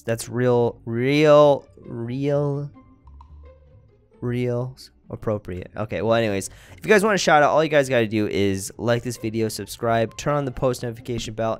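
Young male gamer, excitable commentary, smooth clear voice, faint music bed. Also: mid-range voice. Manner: excitable, talks to viewers as guys, yelps when startled. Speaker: gaming YouTuber. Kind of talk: gameplay commentary.

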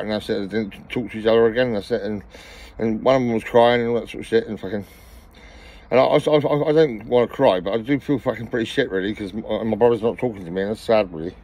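Middle-aged man, out of breath, rapid swearing ramble, personal vlog. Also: lowish voice, a little mellow. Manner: rambling, swears constantly, repeats himself. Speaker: vlogger.

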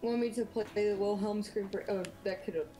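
A woman's voice: medium pitch, steady tone, moderate pace, warm tone, faint music behind. A woman chatting casually with a streamer over a voice call, teasing and giggling. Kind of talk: casual chat during a game stream.

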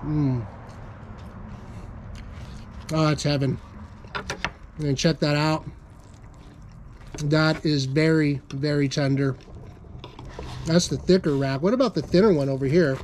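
A man's voice: on the high side, steady tone, slow, long pauses, a little mellow, slight background noise. A man hosting a barbecue channel, tasting ribs and raving about them in a casual demonstration, sometimes with his mouth full. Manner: enthusiastic, tasting food while talking. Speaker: BBQ channel host.

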